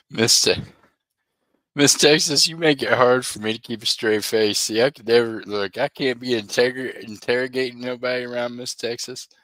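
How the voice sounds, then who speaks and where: A man's voice: mid-range voice, normal speed, fairly bright tone, no room sound. A man hosting a casual live stream, chatting with viewers by name in rambling, joking, slangy banter and laughing often. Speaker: livestream host.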